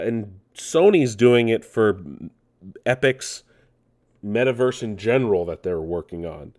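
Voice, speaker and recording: A man's voice: fairly low pitch, a little mellow. Playful, rambling male news host. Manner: playful, rambling, jokes and self-asides. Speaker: host of a nerd news show. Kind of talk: casual news chat.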